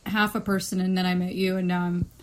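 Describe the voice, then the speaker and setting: Woman host, easy podcast banter, lively quoting voices, cursing. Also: fairly low pitch, fast talker. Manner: animated, swears freely, acts out quotes. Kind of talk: casual chat.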